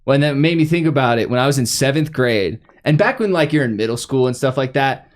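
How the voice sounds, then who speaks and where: A man's voice: medium pitch, animated, brisk. A young man, hosting a podcast and telling stories in a casual, filler-heavy way. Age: young adult. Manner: storytelling with lots of fillers. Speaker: podcast host. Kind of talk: casual chat.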